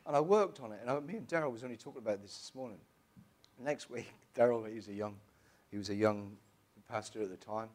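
Man, middle-aged, church testimony, emotional, stumbling restarts, mid-pitched voice. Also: a little mellow. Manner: emotional, halting, with frequent restarts. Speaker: church member giving testimony. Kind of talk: personal testimony.

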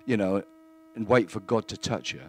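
Earnest man speaking to a congregation, deep-ish, plain-spoken, faint hum behind. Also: moderate pace. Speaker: church member giving a testimony. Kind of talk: church testimony.

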